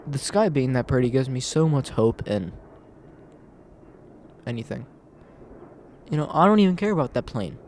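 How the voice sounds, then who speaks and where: A man of medium pitch speaks straight into his camera mic, earnest and rambling as he circles back to the same point again and again. His delivery is casual and unscripted, the loose talk of a personal vlog. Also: animated, moderate pace, pauses often, darkish tone, slight background noise. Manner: earnest, rambling, repeats himself. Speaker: vlogger.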